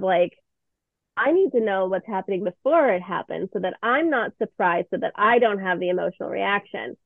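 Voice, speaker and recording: A woman's voice: medium pitch, creaky, dry recording. Candid woman on a tinny line. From Canada. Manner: candid, expressive, swears freely. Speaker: podcast guest, playwright and actor. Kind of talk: casual interview chat. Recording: tinny phone-like line, dry.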